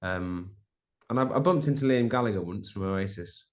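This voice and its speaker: A young man talks casually as an interview guest, restarting and padding his sentences with fillers. His voice sits a little low. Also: lively intonation, normal speed. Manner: chatty, rambling with many restarts and fillers. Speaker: musician guest.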